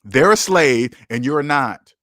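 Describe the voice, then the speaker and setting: A man's voice: medium pitch, expressive, takes it slowly, a bit bright, no room sound, studio quality. A man hosting a casual livestream, talking bluntly and emphatically, with profanity and lots of repetition. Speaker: livestream host.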